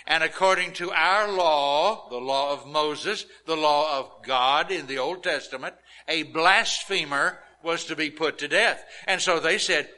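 A preacher delivers a sermon at a slow, deliberate pace and retells scripture with emphatic drama. His voice sits a little high and sounds bright and ringing. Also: poor audio. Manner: dramatic, emphatic storytelling with acted quotes.

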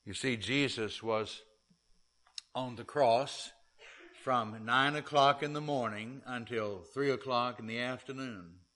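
A man's voice: medium pitch, takes it slowly, bright, forceful tone. A middle-aged male pastor preaching a sermon, earnestly reading and explaining scripture.

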